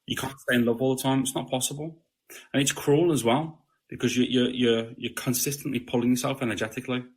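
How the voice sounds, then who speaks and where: A man's voice: mid-range voice, steady tone, fast talker. Blunt, swearing man. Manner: blunt, swears freely, repeats "you know what I mean". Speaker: podcast guest. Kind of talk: casual spiritual conversation.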